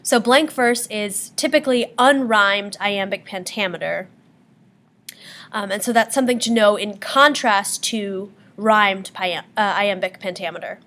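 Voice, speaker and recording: A woman's voice: medium pitch, a little slow, a bit bright. A woman teacher giving a patient classroom lecture on poetry terms, explaining step by step with frequent ums.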